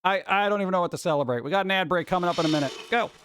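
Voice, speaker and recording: A man's voice: sits high, rapid-fire, fairly bright tone, a little hiss or hum. A man hosting a casual livestream, rambling from topic to topic with sarcastic jokes. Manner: rambling, jokey, sarcastic asides. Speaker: livestream host.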